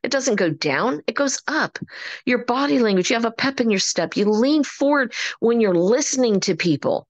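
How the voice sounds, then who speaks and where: A woman's voice: on the high side, moderate pace, no echo, highs cut off. Woman, motivational speaker, upbeat and emphatic, dry close sound. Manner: energetic, animated, preacher-like emphasis. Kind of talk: motivational talk on a call.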